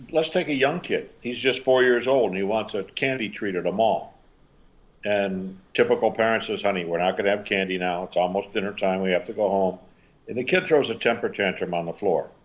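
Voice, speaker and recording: Older man, parenting-author guest, lowish voice, animated storyteller; dull lo-fi recording. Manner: animated storytelling, acting out quotes. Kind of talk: interview answers.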